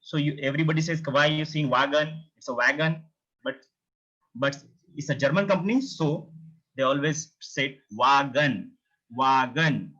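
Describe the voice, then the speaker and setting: A man teaching a beginners' class, repeating each sound slowly for his students. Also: fairly high pitch, fairly bright tone. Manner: repeats words slowly for learners, drawn-out demonstrations. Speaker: language teacher. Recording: muffled lo-fi recording.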